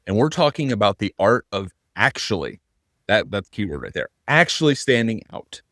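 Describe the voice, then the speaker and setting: A man's voice: lowish voice, very animated, brisk, fairly bright tone, no room sound, studio quality. A man co-hosting a podcast in casual conversation, earnest and thinking aloud with frequent restarts. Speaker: podcast co-host.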